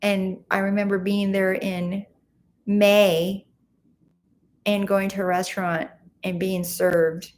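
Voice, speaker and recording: A woman's voice: medium pitch, level tone, slow pace, pauses often. A woman hosting a casual livestream, greeting viewers and reading their comments aloud in a chatty, friendly way. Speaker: livestream host.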